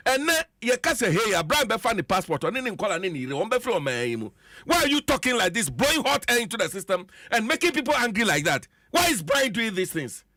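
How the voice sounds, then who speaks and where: A man's voice: sits high, big pitch swings, a little fast, sharp tone, no room sound, studio quality. A Ghanaian man on a radio panel, arguing a political point heatedly and repeating his lines for emphasis. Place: radio studio.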